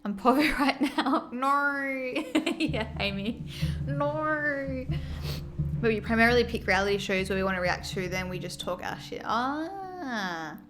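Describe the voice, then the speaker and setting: A woman's voice: mid-range voice, fairly even intonation, brisk, hardly any pauses. An Australian woman streamer chatting casually and laughing as she reads her chat aloud.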